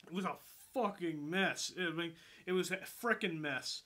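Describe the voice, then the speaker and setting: Male vlogger, casual film review, sweary and excitable, high pitch, sharp tone. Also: measured pace. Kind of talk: casual movie review vlog.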